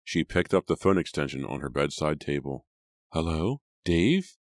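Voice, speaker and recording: A man narrating an audiobook in a measured storytelling manner. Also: a bass voice, dry recording, studio quality. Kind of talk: scripted narration.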